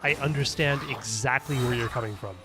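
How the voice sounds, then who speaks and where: A chatty man talks casually over his game, rambling from thought to thought and answering viewers as he plays. His pitch sits in an ordinary middle range. Soft game music plays faintly underneath. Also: fairly quick. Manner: rambling, chatty, thinks aloud and answers chat. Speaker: gaming streamer. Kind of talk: casual gaming commentary.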